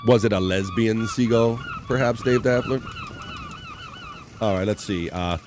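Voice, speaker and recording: A man's voice: fairly low pitch, moderate pace, pauses often, darkish tone. A man hosting a casual live stream, joking around and reading viewer comments aloud. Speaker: live show host.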